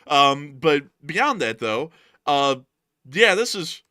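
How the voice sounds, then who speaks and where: A man hosting a casual war news livestream, slipping between news and jokes with plenty of fillers. His voice is bright and forceful. The sound is close and dry. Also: a little high, very animated, slow, no echo. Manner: joking, puts on funny voices, fillers.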